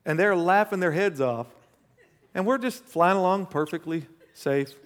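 A male pastor preaching a sermon and telling a personal story, animated, swinging between loud bursts and hushed asides. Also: high-pitched, moderate pace. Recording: long hall reverb.

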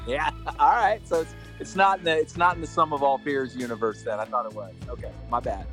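A man co-hosting a podcast in casual chat, laid-back and quick to agree. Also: medium pitch, steady tone, a bit bright, faint music behind. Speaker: podcast co-host.

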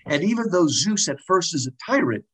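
Husky man explaining Greek drama. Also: high voice, brisk, poor audio. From United States. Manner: animated, digressive, many restarts. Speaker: guest lecturer on Greek drama. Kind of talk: casual explanatory talk.

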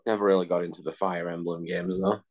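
A man's voice: low voice, little pitch movement, fast talker, darkish tone. A man from northern England co-hosting a casual gaming podcast, dry and prone to swearing, talking over a call. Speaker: podcast co-host. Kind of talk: casual banter. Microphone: remote call mic.

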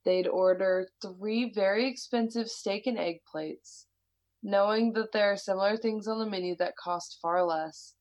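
A woman's voice: mid-range voice, unhurried, darkish tone, poor audio. A woman with an American accent, casually chatting and reading a listener's story aloud, laughing often and swearing freely. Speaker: podcast co-host.

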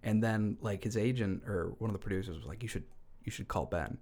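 A man's voice: lowish voice, fairly quick. A man co-hosting a casual podcast, chatty and joking, telling stories about film news. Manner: animated, joking, chatty storyteller. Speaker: podcast co-host. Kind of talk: casual chat.

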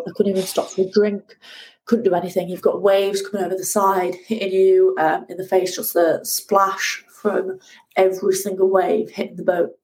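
A woman, a guest telling her ocean rowing story in a lively conversational way. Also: on the low side, low-quality recording. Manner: animated, acts out shouting at the sea.

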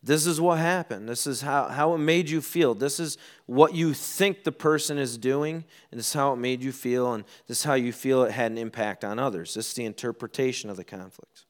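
A middle-aged man preaching a sermon, telling stories and acting out quoted lines with lively ups and downs. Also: medium pitch, a little fast, few pauses. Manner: animated storytelling, acts out quotes. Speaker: pastor.

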